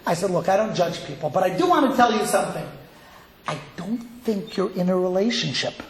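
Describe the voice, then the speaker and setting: A man's voice: high voice, a little fast, heavy reverb, rough recording. A man from Cleveland, Ohio, giving a sermon as a rabbi, telling stories and acting out the people in them. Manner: animated storytelling, acting out quoted voices.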